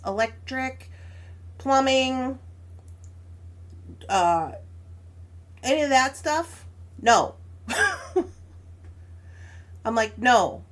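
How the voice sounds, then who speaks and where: This young adult woman has a high, slightly bright voice. As host of a crafting stream, she chats casually, telling a story full of laughter and voicing both sides of an argument.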